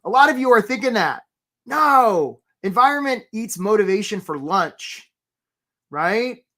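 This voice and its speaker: A man hosting a live career webinar. He talks with energy, keeps asking "right?" and gives quick shout-outs to viewers. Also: high-pitched, very animated. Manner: acts out voices for stories, playful.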